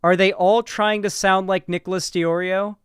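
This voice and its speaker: A man's voice: high voice, flat delivery, moderate pace, smooth, no echo, clean studio sound. A man doing casual commentary, sarcastic and rambling, with frequent swearing. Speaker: political commentary streamer.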